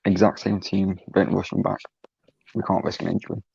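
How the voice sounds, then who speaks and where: Deep, gravelly guest on a lo-fi call. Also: male voice, flat delivery, brisk, mellow, no echo. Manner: brief and matter-of-fact. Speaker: fan guest. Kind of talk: casual chat. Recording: dull lo-fi dry call audio.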